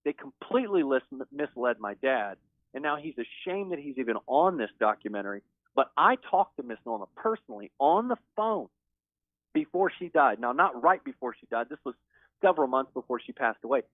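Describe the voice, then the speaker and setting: A man speaking as a guest on a call-in show, talking in an excited, emphatic way. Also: mid-range voice, fairly quick, no echo. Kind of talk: call-in interview. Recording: tinny phone line.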